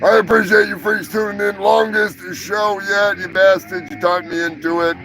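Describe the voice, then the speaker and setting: A man hosting a live stream, signing off with rowdy, profane shout-outs to his viewers. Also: level tone, moderate pace, vocal fry, hardly any pauses. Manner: drops to low mutters between sign-offs. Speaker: livestream show host. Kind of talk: casual live-stream sign-off chat. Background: music playing.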